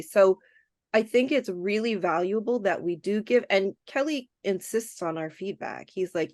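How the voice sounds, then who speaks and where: A woman tells a story in a relaxed, chatty way, slipping into little voices for the people she quotes. The sound is dry and close with no room around it. She is a guest programmer on an interview show. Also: medium pitch, unhurried, dry recording. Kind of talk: casual storytelling in a podcast interview.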